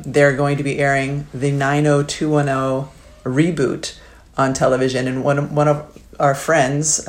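In her forties, this woman co-hosts a podcast and also works as a sports broadcaster. Her voice is rumbling, low and creaky, and in casual chat she tells rambling stories packed with fillers.

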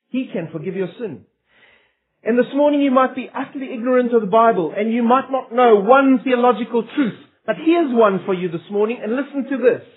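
A man preaching a sermon in an earnest, emphatic way, asking his listeners rhetorical questions. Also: high-pitched. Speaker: pastor. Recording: tinny phone-like sermon recording.

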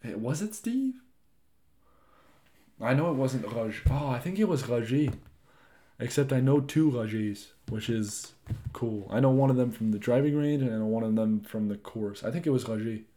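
A young man hosting his own podcast, chatting loosely and rambling, with frequent swearing and lively asides. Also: mid-range voice, moderate pace. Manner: rambling, profane, animated asides. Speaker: podcast host. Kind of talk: casual solo podcast chat.

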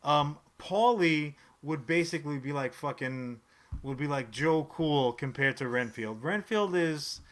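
Animated guy on a podcast, higher voice, bright and punchy, keeps doing goofy bits. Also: a little slow. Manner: animated, breaks into silly impressions. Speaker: podcast co-host. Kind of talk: casual comedic banter. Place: recording with camera, live to tape.

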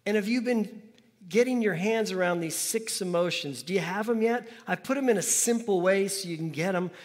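High-voiced male pastor preaching in a reverberant hall. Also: moderate pace. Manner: conversational, asks the congregation to repeat after him. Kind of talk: sermon. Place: church sanctuary.

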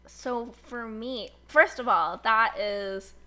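Woman, 20s, casual podcast storyteller, slightly high voice, chatty and animated. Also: takes it slowly. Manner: chatty, fillers like "like", animated retelling with quoted voices.

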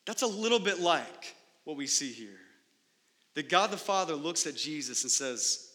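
Pastor guy preaching, kinda high bright voice, keeps asking "right?", long echo from the big church room. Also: animated, normal speed. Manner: emphatic preaching with repeated rhetorical "right?". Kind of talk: sermon. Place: church sanctuary.

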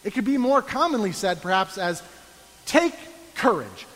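A man's voice: sits high, sing-song, normal speed, fairly bright tone, long reverb tail, poor audio. A man preaching a sermon with a sarcastic, mock-complaining edge before turning earnest. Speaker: pastor.

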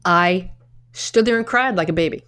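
Chatty, low-voiced woman telling stories. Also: moderate pace, fairly bright tone. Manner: chatty storyteller with frequent restarts and swearing. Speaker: podcast co-host. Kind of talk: casual chat.

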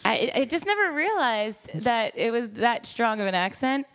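A woman's voice: on the high side, very animated, normal speed, fairly bright tone. Laughing Long Island woman telling stories. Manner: laughs often, storytelling. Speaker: guest, actress. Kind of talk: casual chat.

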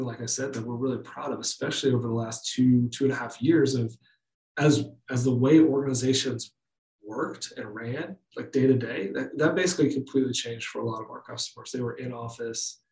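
A man's voice: medium pitch, darkish tone. Casual man, loose conversational delivery, distant roomy mic. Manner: conversational, many fillers and restarts. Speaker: guest. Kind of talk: casual business chat.

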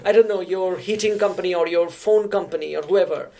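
A woman from India, a guest researcher, explaining her work in a conversational interview in a measured way with frequent restarts. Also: fairly low pitch, creaky, mellow, a little hiss or hum.

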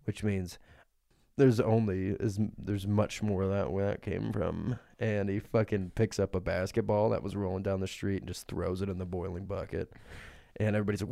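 A man's voice: low voice, little pitch movement, fairly quick, gravelly, warm tone, no echo, studio quality. A man co-hosting a podcast, laughing a lot as he swaps crude, silly improvised stories. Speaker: podcast co-host. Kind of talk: casual comedic improv chat.

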